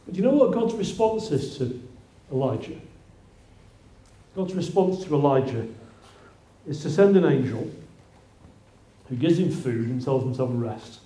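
Guy preaching a sermon, chatty, lots of restarts, mellow voice, echoey church. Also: medium pitch, lively intonation, moderate pace, long pauses. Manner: conversational, with many restarts and rising exclaims. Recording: roomy echo.

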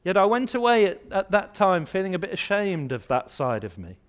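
A man from England preaching a sermon, rising to loud, emphatic outbursts as he voices objections. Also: high-pitched, very animated, a little fast.

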